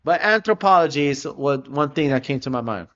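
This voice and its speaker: A Floridian artist chats on his art livestream while he draws, his voice on the high side, fairly bright and fairly quick, with lively intonation. He rambles loosely and curses offhandedly, and the lo-fi stream audio sounds dull, with faint music underneath.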